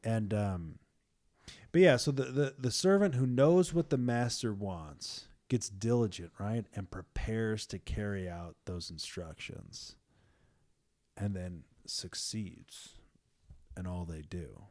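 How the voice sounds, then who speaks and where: Low-voiced man in animated casual talk. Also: slow pace. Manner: animated, fillers like "man" and "like", drops to hushed tones. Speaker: podcast host. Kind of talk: casual faith discussion.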